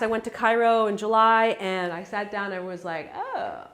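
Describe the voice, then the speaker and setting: A woman speaking at an academic event, addressing a lecture room audience. Her delivery is conversational and unscripted, with frequent ums and self-corrections. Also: mid-range voice. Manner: conversational, many fillers and restarts. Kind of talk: conference talk.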